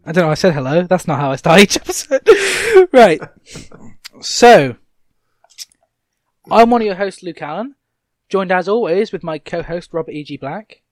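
A man's voice: high voice, animated, normal speed, long pauses, dry recording, faint music behind. A young man hosting a podcast in casual chat, joking and laughing often. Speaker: podcast host.

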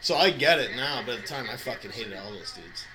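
A man's voice: mid-range voice, expressive, fairly quick, crowd noise. A young man in casual podcast chat, telling rowdy stories with lots of swearing and laughter.

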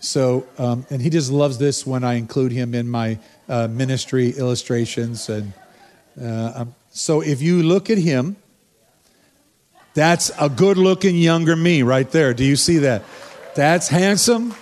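An older man preaching a sermon, telling stories and calling on people in the congregation in a relaxed, conversational way. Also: medium pitch, a little slow. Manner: conversational, storytelling preacher who addresses the congregation directly. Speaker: pastor. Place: church sanctuary before a congregation. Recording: long reverb from a church hall.

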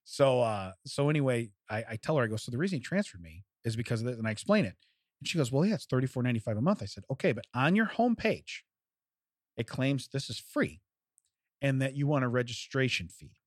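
A man's voice: mid-range voice, sing-song, quick pace, dry recording, clean studio sound. A man telling a long story in casual chat, acting out both sides of a phone call and laughing often.

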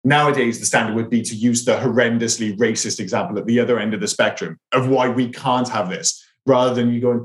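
A man's voice: mid-range voice, fairly even intonation, fairly quick, hardly any pauses. A man co-hosting a casual film podcast, rambling and jokey as he talks. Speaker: podcast co-host. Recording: roomy echo.

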